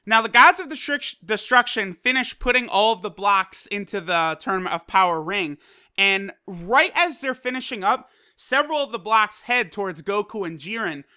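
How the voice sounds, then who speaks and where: Bright high-voiced excited man reviewing. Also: moderate pace, smooth. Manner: excited, profane, fan-style retelling. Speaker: anime reviewer. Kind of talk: casual episode review.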